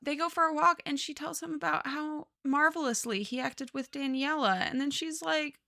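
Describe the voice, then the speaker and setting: A woman's voice: high voice, moderate pace, gravelly, hardly any pauses, bright, forceful tone, dry recording, clean studio sound. A woman co-hosting a podcast, chatting casually and profanely as she recaps a romance novel and acts out the characters' lines. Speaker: podcast co-host.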